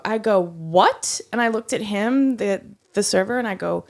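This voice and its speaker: A woman's voice: normal speed, pauses often. A young adult woman co-hosting a podcast, telling a story in casual chat and acting out the quotes with big jumps in her voice. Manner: animated, acts out quotes with big pitch jumps, swears. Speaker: podcast co-host.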